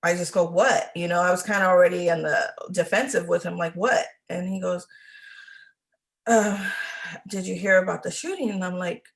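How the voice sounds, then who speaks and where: A middle-aged woman giving a halting, emotional personal account as an interview guest, with many restarts. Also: lowish voice, steady tone, vocal fry. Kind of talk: personal testimony.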